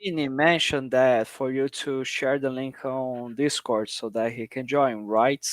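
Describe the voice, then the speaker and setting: A man's voice: mid-range voice, steady tone, measured pace, no echo. A man co-hosting a casual podcast, teasing the others, laughing often and swearing. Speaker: podcast co-host. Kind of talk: casual chat.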